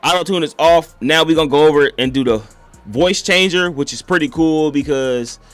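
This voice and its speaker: A man's voice: on the high side, normal speed, a bit bright, dry recording, soft background music. Laid-back streamer guy, slangy. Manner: laid-back slangy, talks straight to viewers. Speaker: streamer reviewing gear. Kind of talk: casual product review. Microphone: studio XLR mic on the desk.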